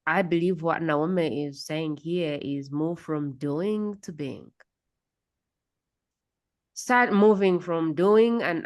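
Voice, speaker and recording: A woman with a Ugandan accent hosting a podcast, musing aloud and often humming in agreement. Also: deep voice. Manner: thoughtful, musing aloud, frequent hums of agreement. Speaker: podcast host. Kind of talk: reflective interview conversation.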